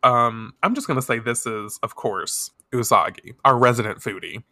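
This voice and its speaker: A man co-hosting a casual show, recapping an episode as an animated, giggly storyteller. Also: medium pitch, moderate pace, no room sound. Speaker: podcast co-host.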